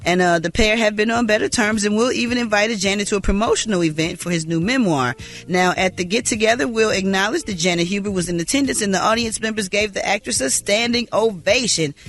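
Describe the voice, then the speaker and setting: A man co-hosting morning radio, reading celebrity gossip in an animated way, exclaiming and laughing between items. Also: high voice, a little fast, faint music behind.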